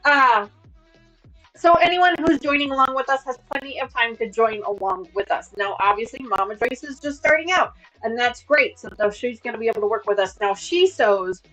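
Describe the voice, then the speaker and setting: A woman's voice: a little high, a bit bright, low-quality recording. Chatty upbeat woman hosting a sewing stream. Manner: chatty, upbeat, explains as she works. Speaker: livestream host. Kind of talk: casual sewing livestream.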